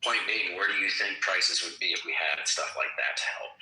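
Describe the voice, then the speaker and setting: A man's voice: deep voice, a little fast, sharp tone, reverberant, rough recording. A man hosting a political livestream, making his points emphatically and retelling stories. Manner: emphatic, storytelling. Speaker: podcast host.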